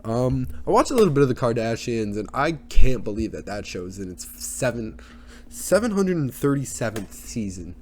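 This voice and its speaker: A man's voice: medium pitch, sing-song, moderate pace, darkish tone, slight background noise. A young man ranting on his solo podcast, rambling and crude, full of fillers. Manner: rambling, crude, with many fillers and put-on voices. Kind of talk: casual solo podcast rant.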